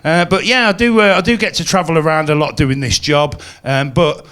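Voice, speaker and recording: A man's voice: a little high, steady tone, a little fast, fairly bright tone, clean tone. A man performing a chatty, self-mocking stand-up set at a live venue. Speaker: stand-up comedian.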